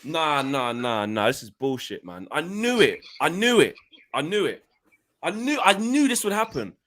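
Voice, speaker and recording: A man co-hosting a live fan reaction chat over a video call. His voice sits a little high, and he talks loudly, ranting and repeating himself again and again. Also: big pitch swings, normal speed. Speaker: fan channel co-host.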